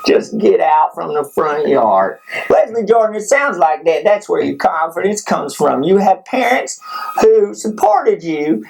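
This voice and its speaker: A man with a gravelly edge to his voice runs a comic interview in a hotel room. He keeps a straight, mock-serious tone whatever he says. His voice has a faint hiss behind it. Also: sits high, sing-song, unhurried, a little mellow.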